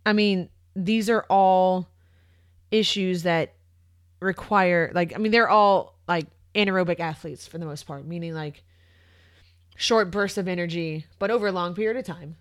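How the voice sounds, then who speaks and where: A woman's voice: on the low side, normal speed, no room sound, clean studio sound. A woman co-hosting a casual podcast, blunt and slangy, swearing freely and explaining things like a trainer. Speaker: podcast co-host.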